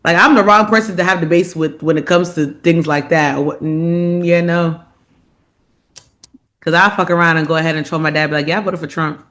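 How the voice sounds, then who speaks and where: A woman co-hosting a podcast in casual chat, an animated storyteller who acts out loud quotes of her father. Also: fairly low pitch, normal speed. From immigrant family, not from this country. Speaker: podcast co-host.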